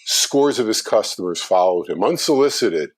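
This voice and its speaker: A middle-aged man, a guest on a business talk show, telling a story in conversation with animated delivery. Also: fairly low pitch, normal speed. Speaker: guest speaker on customer experience.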